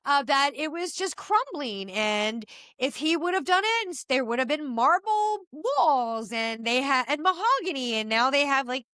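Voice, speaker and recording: A middle-aged woman hosting a podcast, giving opinionated casual commentary in an animated, exasperated rant with frequent asides. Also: high-pitched, moderate pace, dry recording, studio quality. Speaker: podcast host.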